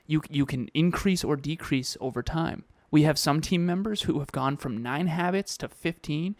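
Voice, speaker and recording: A man's voice: a little high, no room sound. A man co-hosting a podcast in casual motivational chat, emphatic and fond of repeating key phrases. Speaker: podcast co-host.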